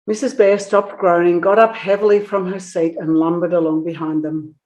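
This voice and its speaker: Woman reading a children's book aloud, expressive, lowish voice. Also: normal speed, hardly any pauses. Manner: expressive, storytelling. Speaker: narrator.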